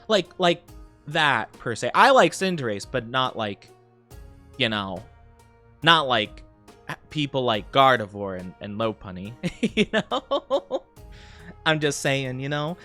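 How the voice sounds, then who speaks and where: A man's voice: medium pitch, a bit bright. A bubbly, giggly young man chatting casually with his live-stream audience. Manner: bubbly and giggly, talking straight to chat.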